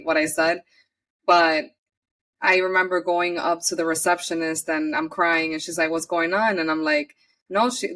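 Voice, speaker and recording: A woman's voice: on the low side, a bit bright, distant mic. A woman from New York City, a podcast guest telling her personal story in an earnest, chatty way and often acting out her own past words.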